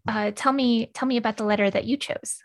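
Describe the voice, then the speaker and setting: A woman's voice: on the high side, steady tone, brisk. A woman hosting a podcast and interviewing guests in a conversational way, laughing easily. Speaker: podcast host.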